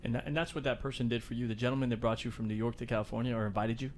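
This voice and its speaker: A man hosting a podcast interview, telling animated stories and acting out quotes. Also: medium pitch, rapid-fire, slight background noise. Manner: animated storyteller, acts out quotes loudly. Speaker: podcast host. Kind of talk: casual interview chat.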